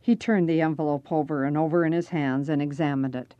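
A woman's voice: deep voice, fairly even intonation, brisk, hardly any pauses, warm tone, no room sound, muffled recording. A woman narrating a first-person story aloud, reading expressively.

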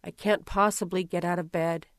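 A woman's voice: on the low side, steady tone, moderate pace, no echo, clean studio sound, lightly acted. A woman voicing a meek, sickly young pioneer girl who mumbles weakly. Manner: weak, mumbling.

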